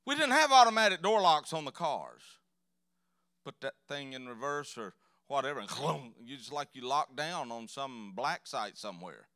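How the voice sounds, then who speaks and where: A man's voice: mid-range voice, sing-song, moderate pace, bright, forceful tone, smooth, dry recording, clean studio sound. A man preaching a sermon in a church, telling folksy, joking stories. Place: church sanctuary.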